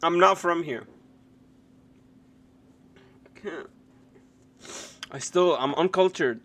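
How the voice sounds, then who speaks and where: A young man live-streaming, his voice pitched high as he talks through clips in a loose, rambling way. He speaks slowly and unhurriedly, breaking into hard laughter often and swearing freely. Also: fairly bright tone. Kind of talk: casual live-stream reaction chat.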